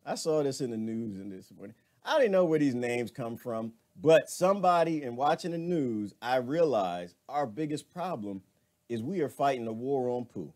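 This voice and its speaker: A man's voice: medium pitch, animated, normal speed, darkish tone. A man hosting a casual live stream, chatting with viewers and laughing often.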